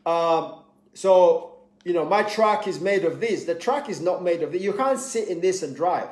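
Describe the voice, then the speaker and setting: A man's voice: sits high, a little mellow. A man giving a motivational talk, emphatic, repeating key points and acting out little scenes. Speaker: motivational speaker. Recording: echoey room.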